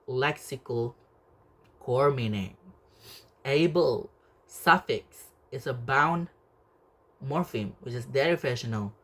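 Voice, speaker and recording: Slow, halting young man presenting. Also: medium pitch. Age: young adult. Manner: halting, restarts words, slow and deliberate. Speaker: student presenting a class project. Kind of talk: reading out a recorded class presentation.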